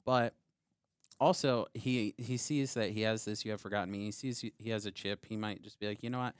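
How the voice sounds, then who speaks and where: A man's voice: lowish voice, fairly even intonation, moderate pace, smooth, no echo, clean studio sound. A man giving analytical commentary on a card game match, explaining plays step by step.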